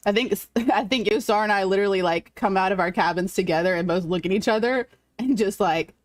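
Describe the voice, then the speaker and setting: A woman's voice: medium pitch, quick pace, no room sound. A woman playing a character in a tabletop game, chatting casually and laughing now and then. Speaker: player.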